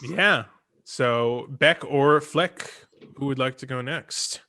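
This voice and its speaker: A man running a tabletop role-playing game as game master, narrating combat with lively enthusiasm. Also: mid-range voice, takes it slowly.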